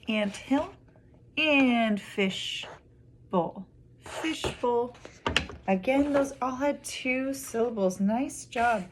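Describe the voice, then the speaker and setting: A young woman teaching a phonics lesson to small children, drawing out each word syllable by syllable in a sing-song way. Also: on the high side. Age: young adult. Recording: clear background noise.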